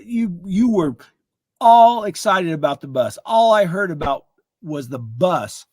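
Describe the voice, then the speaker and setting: A man's voice: high voice, lively intonation, unhurried, darkish tone, no room sound. A man co-hosting a casual chat over a video call, bantering and teasing.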